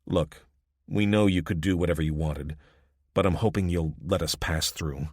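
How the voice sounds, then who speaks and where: A man voicing a calm, terse veteran detective who tries to talk his way past armed strangers in an audiobook. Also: low-pitched, moderate pace, no room sound, clean studio sound. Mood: placating. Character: veteran male detective, calm tired negotiator. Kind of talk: audiobook character voice.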